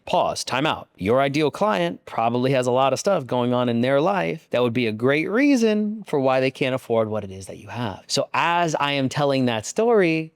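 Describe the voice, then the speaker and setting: A man's voice: mid-range voice, dry recording. A man in his twenties teaching sales through a dramatic story, with big vocal variety and frequent stops to explain. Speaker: podcast booking coach. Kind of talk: animated storytelling lesson. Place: small room.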